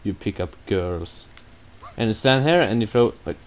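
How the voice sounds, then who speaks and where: A man's voice: on the low side, animated, normal speed. A man giving casual, rambling commentary over a video game, joking and offhand. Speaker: video game let's player.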